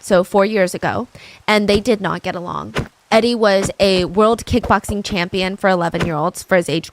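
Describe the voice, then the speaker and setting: A woman's voice: mid-range voice, slight background noise. A young woman casually telling a true crime story over gameplay, with lots of "like" and "I mean" asides.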